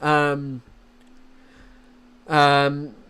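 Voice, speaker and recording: A man's voice: on the high side, monotone, extremely slow, bright, forceful tone, clean tone. A man with a Southern English accent doing casual live-stream commentary, swearing freely and answering chat as he goes. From England.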